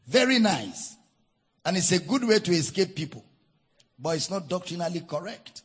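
A man with a Nigerian accent preaching a sermon, teaching with deliberate emphasis and spelling out words. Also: high voice, very animated, breathy edge. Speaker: pastor.

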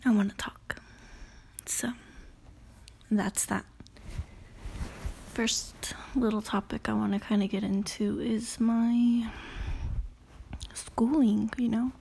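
Breathy, rambling teenage girl podcaster. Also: fairly high pitch, level tone, takes it slowly, pauses often, mellow. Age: late teens. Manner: rambling, self-conscious, swears often; frequent "you know" and "I don't know". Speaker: podcast host. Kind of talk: casual solo podcast talk.

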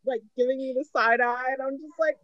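A fairly high-voiced woman co-hosts a casual podcast and tells animated stories about her children. She laughs often and acts out what they say. The sound is dull, dry and lo-fi. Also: brisk, no room sound. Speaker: podcast co-host. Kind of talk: casual chat.

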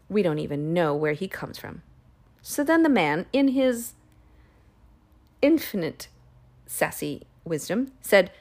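A woman hosting a Bible podcast, retelling a chapter in a casual, animated way with playful, sassy asides. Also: lowish voice. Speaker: podcast host reading and discussing the Bible.

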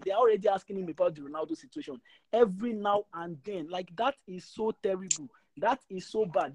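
A man with a high-sitting voice, captured in a dry, poor-quality recording. He's a podcast co-host ranting with passion during a casual chat, tripping over repeated words as he gets worked up.

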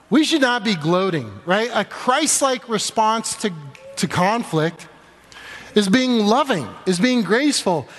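A man preaching a sermon to a congregation, telling a funny personal story and acting out the dialogue in voices. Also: sits high. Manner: animated, acts out dialogue in quoted voices. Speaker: pastor. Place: church sanctuary before a congregation. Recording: long echoing reverb of a large hall.

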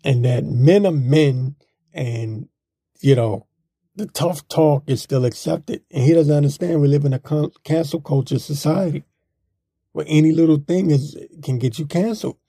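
A man's voice: a little high, normal speed, warm tone, slightly rough, no echo, studio quality. A man giving a casual, rambling political opinion monologue in a blunt, mocking manner. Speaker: political commentator.

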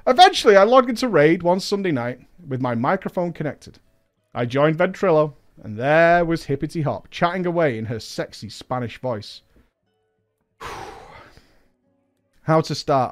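A man's voice: sits high, very animated, moderate pace, faint music behind. A man reading a story aloud with comedic commentary, breaking off for mocking, sweary asides. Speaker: podcast host reading a listener story.

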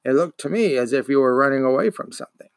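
A man voicing a gruff, grumbling old male bookseller who smokes a pipe and dislikes children, speaking in a slow, disdainful growl. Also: medium pitch, expressive, no echo, clean studio sound, natural voice.

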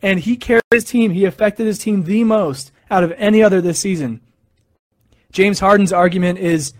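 A young man talking casually about basketball, telling stories in an excited, animated way. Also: high-pitched, dry recording. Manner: excited, animated storytelling with quick asides. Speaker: sports fan sharing opinions. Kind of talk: casual monologue.

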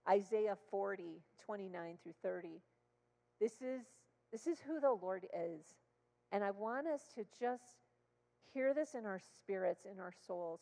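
A woman preaching a passionate sermon in church, often rising to loud exclamations. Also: a little high, in a large hall, low-quality recording. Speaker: guest speaker. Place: church sanctuary.

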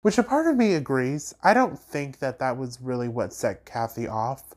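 Hosting a reality TV recap podcast, this man rants casually through the drama, animated and emphatic, tossing in sassy asides and pointed questions. He speaks at a moderate pace in a mid-range voice.

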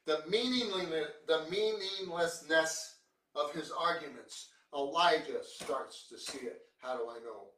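Male preacher, sermon, emphatic, rhetorical, bright tone, roomy echo. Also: a little high, unhurried, far from the mic. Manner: emphatic, rhetorical questions, swings between quiet and loud. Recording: roomy, from off the mic.

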